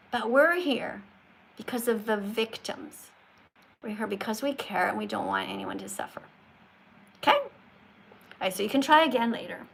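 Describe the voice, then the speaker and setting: A woman's voice: a little high, gravelly, a bit bright. A woman hosting a live-stream call-in, talking emphatically and lecturing her callers, correcting how they pronounce words. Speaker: livestream host talking with callers.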